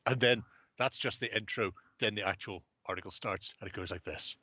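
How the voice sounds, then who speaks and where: A man's voice: fairly low pitch, normal speed, long pauses, bright, forceful tone, husky, no room sound. A man hosting a podcast, chatting casually with wry, sweary humor and reading an article aloud with relish. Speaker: podcast host. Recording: muffled lo-fi.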